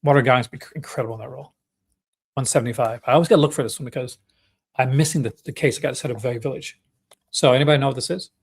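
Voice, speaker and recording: A man's voice: medium pitch, rapid-fire, husky. Young Canadian man, Canadian accent, mid-range voice, enthusiastic, rambling livestream host. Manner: chatty, enthusiastic, with many fillers and restarts. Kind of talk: casual livestream chat.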